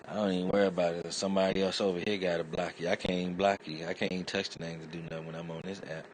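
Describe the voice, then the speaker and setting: Male livestream host, deep voice, loose profane storyteller who acts out other people's lines. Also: flat delivery, very fast, a little hiss or hum, poor audio. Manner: acts out quoted voices loudly. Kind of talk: casual livestream chat.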